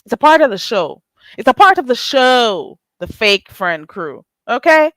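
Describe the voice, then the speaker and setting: A woman's voice: fairly high pitch, very animated, measured pace, a bit bright, no room sound. A middle-aged woman, hosting a casual live stream, teasing and sarcastic as she greets her chat and laughs often.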